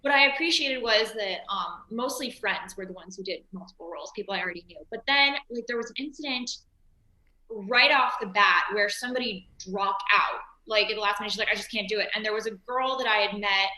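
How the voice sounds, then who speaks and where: Animated woman, bright voice, echoey room. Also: medium pitch, fairly quick. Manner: animated storyteller, acts out quoted voices. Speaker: actress and series creator, guest. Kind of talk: casual interview chat.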